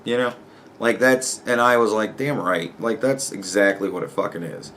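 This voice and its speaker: A man's voice: fairly low pitch, normal speed, fairly bright tone, slight background noise. Sarcastic, swearing man ranting. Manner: profane, sarcastic, exasperated. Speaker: podcast host. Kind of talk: ranting commentary.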